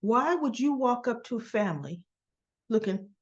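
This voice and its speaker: A woman's voice: a little high, normal speed, dull audio. Chatty woman recapping a soap episode. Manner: chatty, animated, acts out the characters' lines. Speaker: soap opera reviewer.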